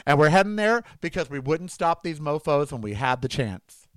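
Man, vlogger at home, slightly high pitch, dry close sound, indignant rambling commentary. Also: sing-song, normal speed, no room sound. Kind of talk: casual political commentary.

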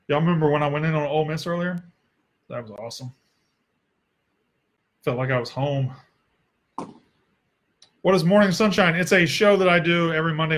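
His voice is fairly high and fairly bright: a young Southern US man hosting a sports podcast by himself. The casual Q&A format gets a blunt, cursing, sarcastic treatment from him.

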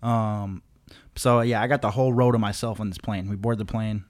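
Low-voiced man telling a casual story. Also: steady tone, fairly quick. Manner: loose, profane, laid-back storytelling with many fillers. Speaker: podcast co-host.

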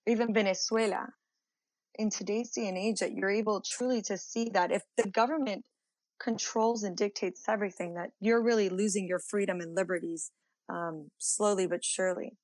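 A young woman answering interview questions thoughtfully, pausing often with fillers. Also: medium pitch, steady tone, a little mellow, dry recording, rough recording. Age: young adult. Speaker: guest.

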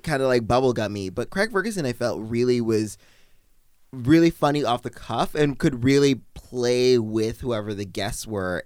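A man's voice: medium pitch, a little mellow, clean tone, no echo. A young man co-hosting a podcast in casual chat, rambling with many fillers and mocking asides. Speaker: podcast co-host.

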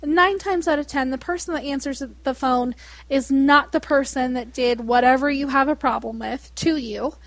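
High-voiced woman, laughing storyteller. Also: moderate pace, no room sound. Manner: animated storyteller, laughs often, mimics callers. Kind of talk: casual chat.

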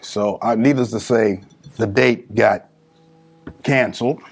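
A middle-aged man from California, telling a personal story as a guest in a casual interview, animated and acting out family members. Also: lowish voice, slow pace, vocal fry, slightly rough, faint music behind. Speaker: guest, small business speaker.

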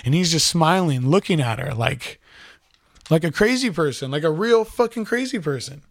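A man's voice: on the high side, animated, moderate pace. Rambling, foul-mouthed young man telling a story. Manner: rambling, filler-heavy, swears freely. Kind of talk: casual personal storytelling.

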